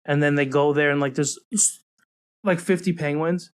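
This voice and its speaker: A young man co-hosting a casual podcast, talking animatedly and mimicking characters in high voices. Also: steady tone, normal speed, clear, resonant tone. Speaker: podcast co-host. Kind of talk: casual chat.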